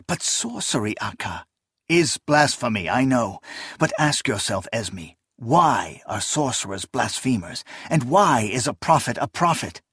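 A man voicing a weary, brooding male scholar in an audiobook, speaking low and guarded. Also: very animated, measured pace, fairly bright tone, slightly rough, dry recording, clean studio sound, heavily acted. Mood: earnest. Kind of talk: audiobook character voice.

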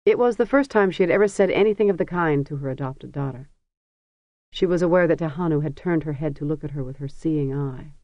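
An audiobook narrator reading a fantasy story in a measured, even storytelling manner. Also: medium pitch, dry recording. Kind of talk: scripted narration. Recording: dry, dull lo-fi recording.

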